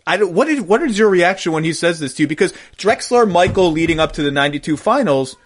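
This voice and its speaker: A man hosting a casual podcast interview. His voice sits a bit above the usual male pitch, and his questions tumble out eagerly with restarts. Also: lively intonation, quick pace. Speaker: podcast host.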